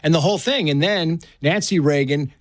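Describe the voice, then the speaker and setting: A man's voice: a little high, moderate pace, no room sound, clean studio sound. A middle-aged man, an author guest on a talk show, telling stories with animation and acting out the quotes. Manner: animated storyteller, acts out quotes. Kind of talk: studio interview storytelling.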